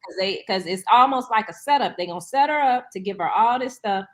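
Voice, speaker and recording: A woman's voice: mid-range voice, animated, brisk, a bit bright. A woman panelist on a talk show, explaining her view earnestly. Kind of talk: panel discussion.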